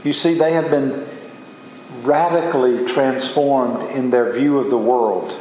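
A man's voice: mid-range voice, measured pace, darkish tone, a little hiss or hum. A man preaching a sermon as a pastor, earnest and emphatic, often rising into exclamations. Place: church sanctuary. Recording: echoey hall from far off.

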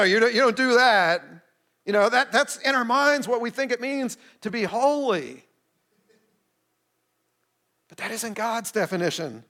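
A man's voice: high-pitched, fairly bright tone. A man preaching a sermon in a conversational, playful way, often putting questions to his listeners. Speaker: pastor. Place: streamed service addressing an online chat.

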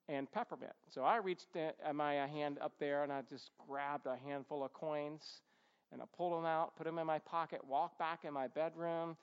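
A man's voice: fairly high pitch, clean tone. Man preaching in a long-echo hall. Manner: conversational preaching with humorous asides and rhetorical "right?". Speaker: pastor. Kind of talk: expository sermon. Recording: dull, echoey church hall sound.

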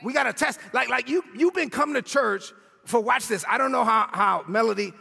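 Male preacher, very high bright husky voice, call-and-response sermon, church sanctuary. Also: brisk. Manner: animated, often shouting, prompts congregation to repeat. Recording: long hall reverb with faint music.

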